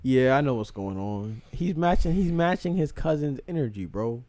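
Young male co-host from Louisiana, casual and profane, mid-pitched voice, dry close mic. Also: animated, dark tone, dry recording. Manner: casual, profane, quick asides. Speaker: podcast co-host. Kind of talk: casual chat.

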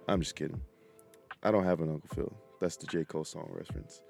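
A man's voice: sits low, expressive, fast, vocal fry, warm tone, faint music behind. A young man hosting his own podcast, chatting casually in a laid-back, slangy way and talking straight to his listeners. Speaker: podcast host. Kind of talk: casual solo podcast chat.

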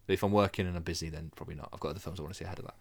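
A man's voice: sits low, racing, gravelly. A man co-hosting a podcast, ranting in a casual chat and swearing freely. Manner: animated, swearing ranter. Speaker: podcast co-host.

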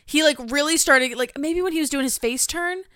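Bright, sarcastic woman on a podcast. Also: high-pitched, a little fast, dry recording, clean studio sound. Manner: sarcastic, exasperated, dramatic sighs. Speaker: podcast co-host. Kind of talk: casual chat recapping wrestling.

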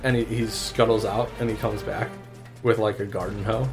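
A man's voice: on the low side, level tone, normal speed, music in the background. A man narrating as game master in a casual way, full of fillers and laughs.

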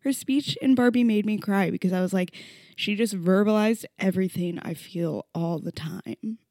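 Young woman, podcast host, emotional rant, profane, mellow warm voice, dry close sound. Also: normal speed, no echo. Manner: emotional and profane, swinging between hushed and loud; mocking quotes in a low voice. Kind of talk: candid solo podcast rant.

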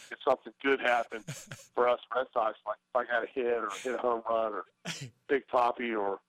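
A man's voice: mid-range voice, a bit bright, dry recording, poor audio. A middle-aged man, a former baseball player, talking as a guest in a casual interview, hesitant with many fillers and restarts.

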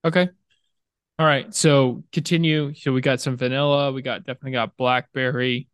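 Man, podcast co-host, joking, self-deprecating, flat even delivery, dry sound. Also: mid-range voice, normal speed, clean tone, no echo. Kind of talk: casual chat.

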